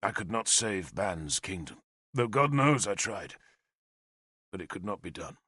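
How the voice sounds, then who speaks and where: A man's voice: sits low, very animated, unhurried, bright, forceful tone, husky, no room sound, studio quality, exaggerated voice. A man playing Arthur, a grave, grieving warrior king. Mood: bleak. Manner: grave and brooding, breaking into weeping and rage. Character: grieving, oath-bound middle-aged warrior king.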